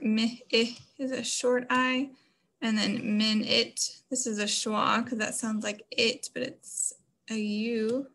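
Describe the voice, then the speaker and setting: A woman teaching a phonics lesson to children, explaining patiently step by step. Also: a little high.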